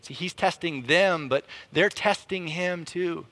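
A man delivers a sermon in a fairly high voice, his delivery animated and conversational. He often repeats a word as he restarts a thought. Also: measured pace. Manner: animated, rises in pitch and volume to act out quotes. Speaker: preacher.

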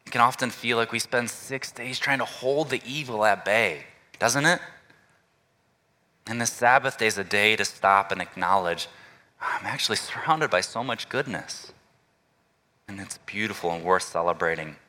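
A male pastor preaching a relaxed, conversational sermon and inviting the congregation to call out answers. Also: fairly low pitch, moderate pace, in a large hall. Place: church sanctuary.

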